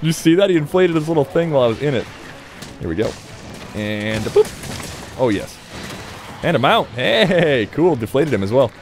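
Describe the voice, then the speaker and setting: A man's voice: on the high side, big pitch swings, fairly quick, a little hiss or hum. A man casually commenting on his own gameplay, chatting, swearing and talking to the monster as he plays. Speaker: let's play gamer.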